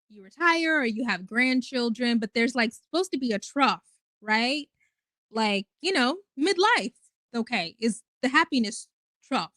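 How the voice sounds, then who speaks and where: A woman's voice: a little high, fairly bright tone, no echo. Chatty, swearing woman in her twenties. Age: 20s. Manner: chatty, swearing, rambling with fillers. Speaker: host. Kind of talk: casual livestream talk.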